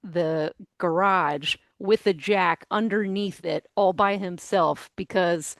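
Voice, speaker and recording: A woman from central Pennsylvania with a Pennsylvania accent, a guest telling lively stories in a casual interview. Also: fairly low pitch, takes it slowly, creaky, dry recording. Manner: lively storytelling, laughs often. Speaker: guest, consultant.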